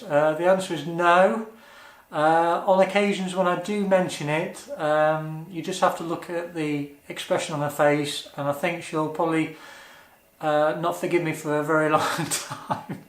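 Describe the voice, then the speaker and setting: Man, casual q&a vlog, somewhat high voice, earnest and hesitant, roomy echo. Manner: earnest, chatty, hesitant with many ums. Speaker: motovlogger answering viewer questions.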